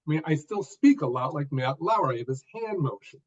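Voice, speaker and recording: An older man tells his story as a podcast guest, speaking in short deliberate phrases and leaning on key words. His voice sits a little high for a man. The audio is dull and lo-fi, as if from a video call. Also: lively intonation, husky. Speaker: guest author.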